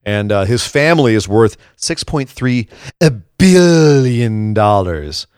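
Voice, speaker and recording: A man co-hosting a casual wrestling podcast, talking in an animated way with quick asides and restarts. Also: mid-range voice, smooth, no room sound, studio quality. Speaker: podcast co-host. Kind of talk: casual wrestling news chat.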